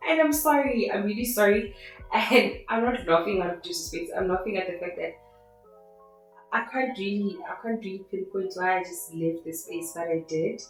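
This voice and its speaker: Excitable woman, echoey room. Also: medium pitch, moderate pace. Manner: excitable and rambling, with faith-filled asides. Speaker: podcast host. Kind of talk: casual solo podcast monologue. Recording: very echoey room with faint music.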